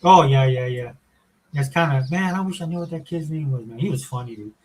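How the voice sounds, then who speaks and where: A middle-aged man on a podcast, telling stories in a rambling, animated way. His voice is fairly high and slightly husky, and the words tumble out quickly. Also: low-quality recording. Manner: rambling, animated storyteller with many fillers. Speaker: podcast co-host. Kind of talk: casual chat.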